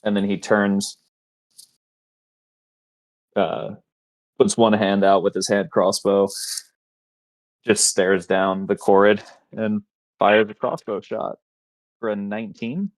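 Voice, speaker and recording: A man's voice: on the low side, little pitch movement, slow pace, long pauses, no echo. A man playing in a tabletop game, casually describing his character's attacks and swearing freely. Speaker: player.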